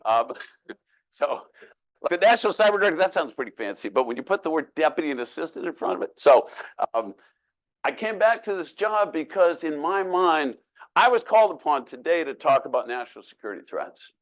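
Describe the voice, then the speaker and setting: A man's voice: a little high, sing-song, brisk. Folksy older man giving a keynote. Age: 60s. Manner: self-deprecating storyteller, folksy jokes. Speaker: keynote speaker. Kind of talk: humorous keynote speech.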